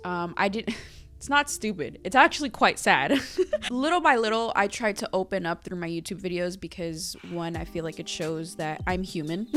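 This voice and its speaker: A young woman talking in a casual review vlog, blunt and profane, who laughs often. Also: lowish voice. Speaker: YouTuber reviewing a series.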